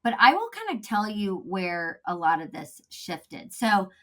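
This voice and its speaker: A woman talking as a podcast guest, animated and laughing often, acting out quotes in a casual chat. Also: medium pitch, a little slow.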